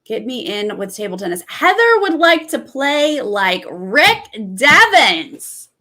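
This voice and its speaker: A woman with a high, sharp-toned voice hosts a casual reaction vlog as a reality TV commentator. She reads out cast bios and gives candid, chatty comments on each, very animated yet taking it slowly.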